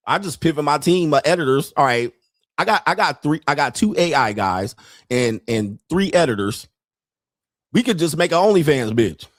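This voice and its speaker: A man's voice: fairly high pitch, lively intonation, moderate pace, dry recording. Blunt profane man ranting, dry sound. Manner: blunt, heavy swearing, laughs often. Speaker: podcast host. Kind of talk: profane livestream rant.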